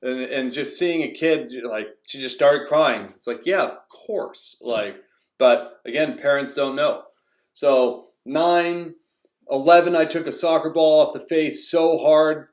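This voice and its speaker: A young man with a slightly high voice takes his time telling personal stories, rambling casually with lots of fillers and restarts. It was recorded in an echoey room.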